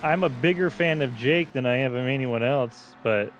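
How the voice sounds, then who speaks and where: A man's voice: mid-range voice, normal speed, highs cut off, slight background noise. A man co-commentating a sim race, easygoing and self-deprecating, sometimes fumbling driver names. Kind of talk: live race commentary with banter.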